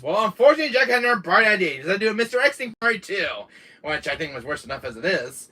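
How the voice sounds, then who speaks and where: A man's voice: high voice, very animated, racing, sharp tone. A man streaming, retelling a game run with frequent laughter and swearing. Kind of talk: live stream storytelling.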